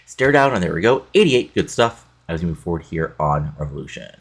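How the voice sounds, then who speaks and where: A man's voice: sits low, very animated, a little fast, gravelly, breathy edge. A man casually recapping a wrestling sim game, rambling with many fillers. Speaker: game playthrough narrator.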